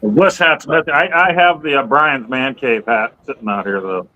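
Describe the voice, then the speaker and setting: A man's voice: mid-range voice, normal speed, sharp tone. A laid-back man from the Pittsburgh area co-hosting a casual livestream, joking along. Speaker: livestream co-host. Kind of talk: casual chat. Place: hot room with a fan blowing. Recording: dull lo-fi mic.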